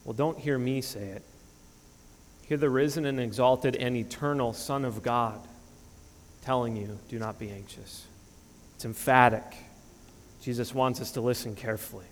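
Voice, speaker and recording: A man's voice: mid-range voice, steady tone, normal speed, pauses often, big-room sound. A man in his thirties preaching a sermon as pastor, earnest and emphatic, often restarting phrases. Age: 30s. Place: church sanctuary.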